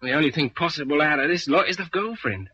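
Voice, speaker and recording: An eager young detective's assistant. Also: male voice, on the high side, lively intonation, quick pace, pushed and bright, breathy edge, dull audio, heavily acted. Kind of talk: vintage radio drama acting.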